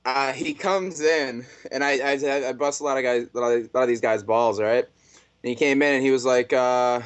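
A man in an interview, telling stories in a laid-back, animated way over a video call. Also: medium pitch, moderate pace, smooth. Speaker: fighter guest. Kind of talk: casual storytelling interview.

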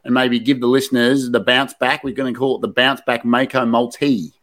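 Australian male co-host, brisk banter, rapid pace. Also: mid-range voice, little pitch movement, fairly bright tone. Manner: quick, chatty banter. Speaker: podcast co-host. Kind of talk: casual sports betting chat.

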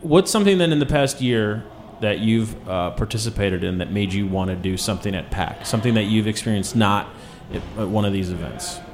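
A man's voice: on the low side, lively intonation, a little fast, slight background noise. A man hosting a radio show, interviewing a guest in a teasing, playful way. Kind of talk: casual interview.

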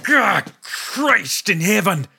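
A man's voice: fairly high pitch, moderate pace, a bit bright, slight background noise. A man doing a lilting thief. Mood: pained. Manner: lilting, teasing, cursing. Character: menacing one-eyed Irish male thief, grinning, crude.

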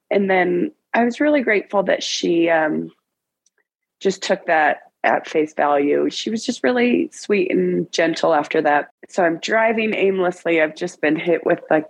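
A woman around forty, a guest in an interview, tells a personal story in an emotional, halting way with many restarts. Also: lowish voice, gravelly, no echo, rough recording.

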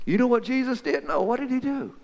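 A man telling Bible stories as a folksy, excited back-and-forth chat between two friends. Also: extremely high pitch, fast, long reverb tail, muffled recording. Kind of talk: two-voice dramatized Bible storytelling.

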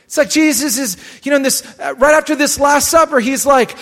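A man's voice: very high voice, brisk, few pauses, fairly bright tone. A man preaching a live sermon as pastor in a church, exhorting and repeating phrases for emphasis. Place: church sanctuary. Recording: long church hall reverb.

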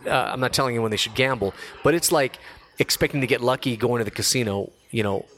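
A man in his forties, a radio host, telling a story in casual podcast chat, slangy and lively, acting out quoted voices. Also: mid-range voice, quick pace.

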